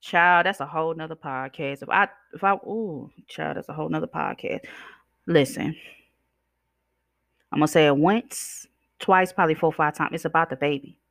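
A woman's voice: low-pitched, normal speed, fairly bright tone, dry recording, clean studio sound. Blunt, sassy woman ranting. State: chewing gum, slightly slurred. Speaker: podcast host. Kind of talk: ranting monologue.

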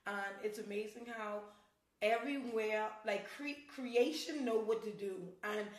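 A woman co-hosting a casual podcast, speaking in a relaxed, affirming way. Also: on the high side, unhurried. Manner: relaxed, affirming with short agreements. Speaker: podcast co-host. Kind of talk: casual faith chat. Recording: echoey room.

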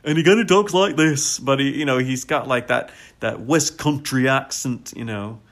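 A man co-hosting a podcast in casual chat, animated and enthusiastic, laughing often and using a lot of fillers. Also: medium pitch, moderate pace. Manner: frequent fillers such as "like". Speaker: podcast co-host.

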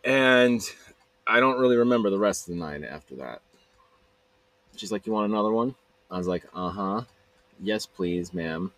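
A man with a low, husky voice tells a loose, rambling story on his podcast. He laughs often and repeats himself as he acts out other people's lines. The sound is dry and close on the mic. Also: no room sound, rough recording. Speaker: podcast host. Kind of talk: casual storytelling monologue.

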